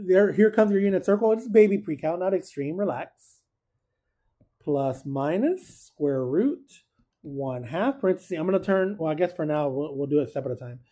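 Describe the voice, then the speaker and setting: Chatty high-voiced math teacher, mellow tone. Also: male voice, moderate pace. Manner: chatty, joking, keeps quizzing students. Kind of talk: casual recorded math lesson.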